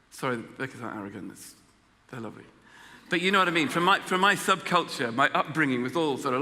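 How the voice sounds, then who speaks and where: An Englishman giving a personal testimony talk, telling a story with self-deprecating humor and halting restarts. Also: a little high, expressive, sharp tone, in a large hall. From England. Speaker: guest speaker.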